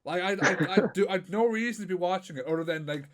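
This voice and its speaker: Laid-back Irish podcast host. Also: male voice, high-pitched, fast talker, crowd noise. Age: 20s. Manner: laid-back, swears often. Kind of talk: casual podcast chat.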